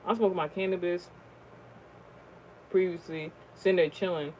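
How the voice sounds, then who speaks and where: A vlogger telling a personal story in a casual, rambling way, swearing often and restarting sentences, with the voice jumping high and loud at the shocking moments. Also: fairly even intonation, moderate pace, a little hiss or hum, rough recording. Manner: rambling, profane, many fillers and restarts.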